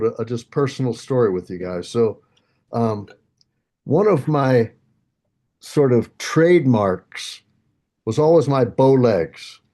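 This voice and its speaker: A man's voice: mid-range voice, dark tone. Older guy, 60s, yoga teacher on a zoom call, funny self-mocking storyteller, does voices, laughs a lot. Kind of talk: storytelling on a video call panel. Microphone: video call.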